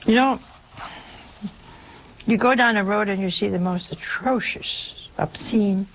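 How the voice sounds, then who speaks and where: Slow, gravelly woman preaching. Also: mid-range voice, slight background noise. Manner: conversational, rhetorical questions, emphatic. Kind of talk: sermon.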